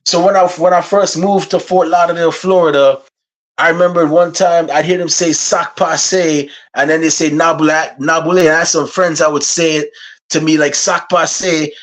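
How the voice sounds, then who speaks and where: A man's voice: a little high, steady tone, normal speed, a bit bright. A man hosting a wrestling podcast, opening with a rhyming hype intro and then chatting casually and telling stories. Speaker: podcast host.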